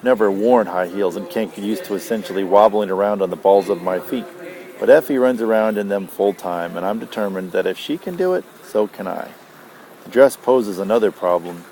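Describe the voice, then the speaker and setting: A father reading a novel aloud to his child, gentle and unhurried. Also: lowish voice. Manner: gentle, unhurried, tender asides.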